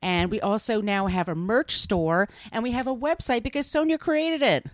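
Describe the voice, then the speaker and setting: A woman's voice: fairly high pitch, normal speed, no room sound, clean studio sound. A woman co-hosting a podcast in casual chat, laughing often and correcting herself. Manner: chatty, laughs often, fillers and self-corrections. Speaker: podcast co-host.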